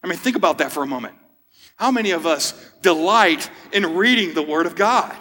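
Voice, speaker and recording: A man's voice: a little high, lively intonation, fairly quick, bright, forceful tone, slightly rough, long reverb tail. A man in his thirties, a pastor, preaching a sermon in a conversational way with joking asides. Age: 30s.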